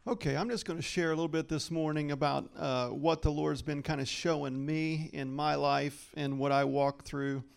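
A man praying and then giving an informal devotional talk, folksy and quick to laugh as he acts out quoted lines. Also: on the high side, fairly even intonation, vocal fry, clean tone. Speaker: lay speaker sharing a devotional.

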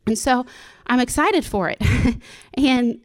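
A woman's voice: a little high, takes it slowly. A woman speaking to her church in an informal sermon, earnest and personal, often breaking into laughs and restarting her sentences. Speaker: church speaker sharing a devotional.

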